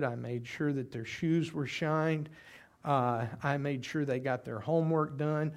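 A middle-aged man preaches in a folksy, animated way, his voice sitting a little high for a man. He drops into quiet, earnest stretches, then climbs back up as he tells stories. He checks in with the listeners with a quick "okay?" again and again. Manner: folksy, animated storytelling with frequent "okay?" asides. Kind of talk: sermon with personal stories.

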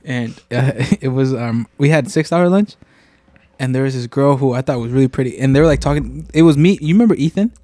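A man's voice: medium pitch, brisk, warm tone, dry recording. Slangy young man, dry close sound. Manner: slangy, self-mocking, says bro a lot. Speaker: podcast co-host. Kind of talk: casual storytelling chat.

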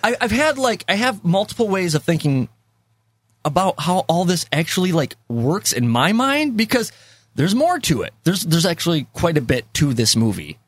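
A man's voice: sits high, sing-song, moderate pace, slightly rough, no room sound. A man hosting a casual movie discussion podcast, rambling with many fillers and repeats, and laughing easily. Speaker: podcast host.

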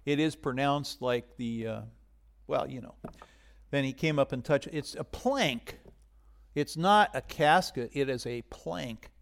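A man preaching a sermon in a conversational way, rising to loud emphasis and dropping to hushed whispers. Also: mid-range voice, a little slow, gravelly. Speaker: pastor.

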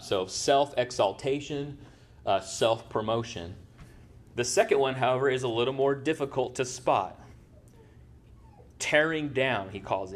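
A man preaching a sermon as pastor, in a conversational way, often checking in with "right?". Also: medium pitch. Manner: conversational, tags points with "right?".

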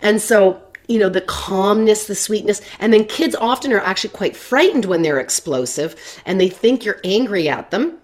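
A woman's voice: medium pitch, expressive, normal speed, hardly any pauses. A woman counselor talking casually to parents, chatty and repeating her words as she acts out soothing lines to a child. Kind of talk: workshop talk.

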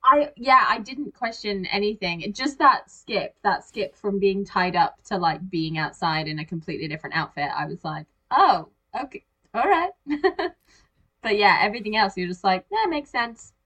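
A woman's voice: medium pitch, normal speed. Chatty woman reviewing a film. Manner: animated, acts out reactions in quoted asides. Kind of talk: casual movie discussion.

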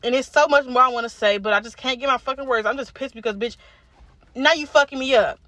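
A woman's voice: sits high, fast, sharp tone, no echo. Angry young woman ranting, profane. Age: about 20. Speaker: podcast host. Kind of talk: casual solo rant.

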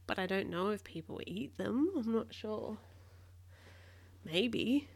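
A woman's voice: medium pitch, expressive, slow, gravelly, slightly rough. A woman reading a storybook aloud to a child, with patient, chatty asides between pages.

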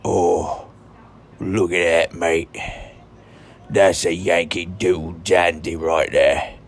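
A man putting on a crude, mocking British man with a deliberately bad British accent. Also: deep voice, little pitch movement. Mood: sneering. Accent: British, put on badly. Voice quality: rough, rotten put-on accent.

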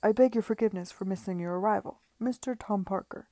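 A woman's voice: mid-range voice, quick pace, warm tone, dry recording, natural voice. A woman reading aloud, voicing an eager man who is flustered and keen to please. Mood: fawning. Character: anxious eager man, a fawning seaside promoter.

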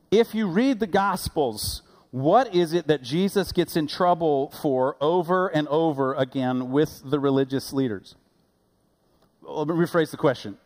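A man pastor preaching a sermon, animated and rising loud on key points, with quick asides and self-corrections. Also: fairly high pitch.

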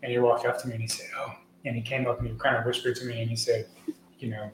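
A man talking as a podcast guest, earnest and rambling, with many fillers, getting lively when he tells stories. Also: mid-range voice, quick pace. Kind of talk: conversational interview. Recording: echoey room with faint noise.

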